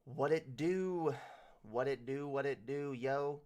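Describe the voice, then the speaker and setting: A man hosts a laid-back livestream, his speech slow and drawn out, in a voice pitched squarely in the middle. He talks in a loose, profane, slang-heavy way, tossing out "yo" constantly and joking to himself. He speaks into a new desk mic with a pop filter. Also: a little mellow. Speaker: livestream host. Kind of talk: casual livestream chat.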